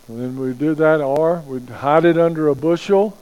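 A man preaching a sermon as pastor, slowing down to stress key phrases and asking rhetorical questions. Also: on the high side, a little mellow, rough recording.

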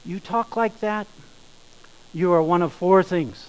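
A man preaching a sermon, emphatic, slowing down and rising in volume on key phrases. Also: high voice, clean tone, rough recording. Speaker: pastor.

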